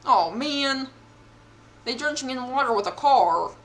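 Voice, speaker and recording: A woman's voice: high voice, lively intonation, a little slow, long pauses, a little hiss or hum. A young woman streamer reading a text game aloud and reacting, chatty and giggly, with a mock-indignant edge.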